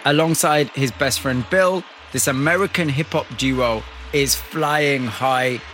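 A man hosting a broadcast interview, narrating a story and asking measured, empathetic questions. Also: medium pitch, fairly bright tone, a little hiss or hum. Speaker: radio host.

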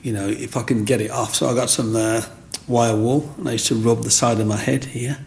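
Fairly quick and mid-pitched, a gravelly-voiced man from England narrates his life in an interview, animatedly imitating the voices of those he met along the way.

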